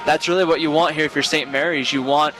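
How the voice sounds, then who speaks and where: A man with a somewhat high voice provides color commentary for a live baseball broadcast, analysing plays in a loose, conversational way that often restarts mid-thought. Faint music sits low in the background. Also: fairly even intonation, quick pace, sharp tone, rough recording. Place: stadium broadcast booth.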